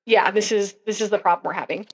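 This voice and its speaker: Speaking quickly with a breathy edge at medium pitch, this young woman co-hosts a podcast and recounts a true-crime story. She chats casually and wanders, using lots of fillers and side comments.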